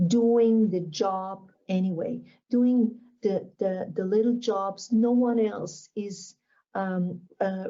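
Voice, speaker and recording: A woman's voice: medium pitch, warm tone, dull audio. A woman giving a motivational keynote talk, emphatic and repeating her key phrases. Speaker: motivational speaker.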